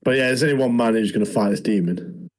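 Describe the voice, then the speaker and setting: A man's voice: mid-range voice, fast, a crowd in the background, low-quality recording. A man co-hosting a podcast, recapping anime scenes in casual, enthusiastic chat. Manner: enthusiastic, says "mate" a lot. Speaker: podcast co-host.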